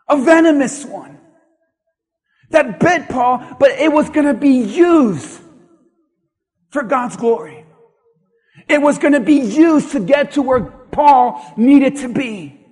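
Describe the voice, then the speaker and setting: A man's voice: extremely high pitch, lively intonation, slow, long pauses, a little mellow, in a large hall. A male pastor preaching a sermon, putting rhetorical questions to his congregation and building in intensity.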